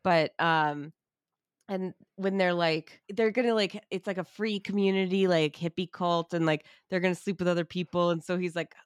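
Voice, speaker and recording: A young adult woman co-hosting a podcast in casual chat, animated, swearing often and laughing a lot. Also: fairly low pitch, moderate pace, smooth, no room sound, studio quality. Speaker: podcast co-host.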